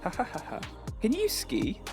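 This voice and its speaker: A man's voice: high voice, huge pitch swings, normal speed, music in the background. A British man analyzing an esports match, with dry teasing humor. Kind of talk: broadcast analysis and banter.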